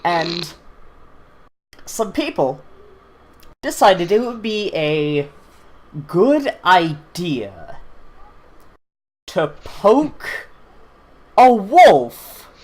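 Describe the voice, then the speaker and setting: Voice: medium pitch, very animated, drawn-out words, long pauses. A podcast co-host chatting casually and with dry sarcasm. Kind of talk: casual chat.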